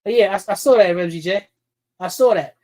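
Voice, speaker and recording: A man's voice: sits high, a little fast, darkish tone. A man hosting a livestream talk show, delivering blunt, profane, confrontational commentary with frequent restarts and repeated words. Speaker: streaming talk show host.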